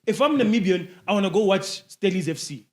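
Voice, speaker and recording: A young man, co-hosting a casual sports podcast in an animated, slangy way, often talking over the others. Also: sits high, brisk. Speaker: podcast co-host.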